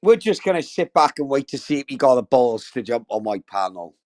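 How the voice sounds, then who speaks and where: A man's voice: medium pitch, big pitch swings, fairly quick, darkish tone. A man hosting a casual livestream, talking straight to his chat in a sweary, effusive, rambling way. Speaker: livestream host.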